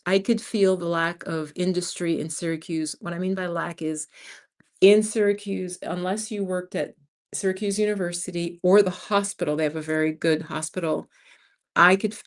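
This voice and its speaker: A woman over fifty from the United States, hosting a casual livestream and chatting with viewers, telling stories with lively acted-out quotes. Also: on the low side, normal speed. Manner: animated storyteller, acts out other people's lines. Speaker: livestream host. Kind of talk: casual live-chat talk to viewers.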